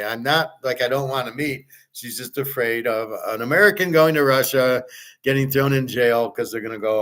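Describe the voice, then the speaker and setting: A middle-aged male host chats casually with viewers in a medium-pitched, slightly bright voice at normal speed. He rambles, speaks bluntly, repeats himself, trips over words, and swears now and then.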